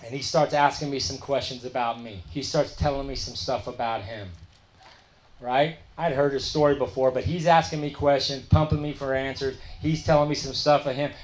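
A man's voice: medium pitch, steady tone, moderate pace. A man telling his recovery story at a meeting in a candid, colloquial and emphatic way.

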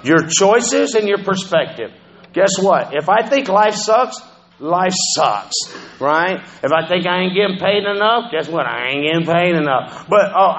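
Profane storytelling man, higher voice. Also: a bit bright, muffled recording. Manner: profane, conversational, keeps asking "you know what I'm saying". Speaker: speaker sharing his recovery story. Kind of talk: personal testimony, storytelling.

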